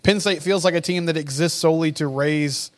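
A man in casual chat on a sports podcast, breaking down players and tossing in dry asides. His voice sits a little high for a man. He talks in a relaxed, easygoing way. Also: fairly quick. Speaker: podcast co-host.

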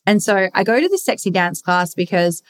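A woman's voice: mid-range voice, very animated, fairly quick. A woman hosting a candid solo podcast, speaking earnestly and emphatically, repeating her key phrases and swearing casually. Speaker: podcast host.

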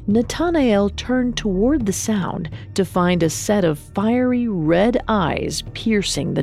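Woman storyteller, lower voice, measured dramatic storybook narration. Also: darkish tone.

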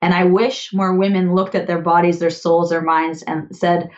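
A woman's voice: lowish voice, little pitch movement, normal speed, hardly any pauses, muffled recording. A young adult woman, a podcast guest, talking casually and animatedly, often laughing and acting out her own inner voice. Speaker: podcast guest, author and grief coach. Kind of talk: casual conversational interview.

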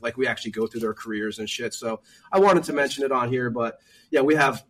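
A man's voice: medium pitch, fairly even intonation, fast talker, fairly bright tone, far from the mic. A man co-hosting a casual sports podcast, rambling with many fillers and restarts. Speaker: podcast co-host.

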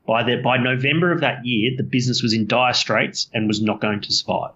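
A man's voice: medium pitch, steady tone, brisk, sharp tone, lo-fi sound. An Australian man telling his story as a podcast guest, rambling, swearing and correcting himself often. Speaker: guest brewer.

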